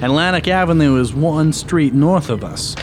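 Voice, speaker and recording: A man's voice: a little high, lively intonation, normal speed, noisy background, natural voice. An actor playing a wry private eye who narrates his own story in hardboiled style, with dry wisecracks.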